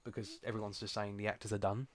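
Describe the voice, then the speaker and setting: A man's voice: on the low side, flat delivery, quick pace. A man co-hosting a podcast, reading an article aloud with sarcastic asides. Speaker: podcast co-host.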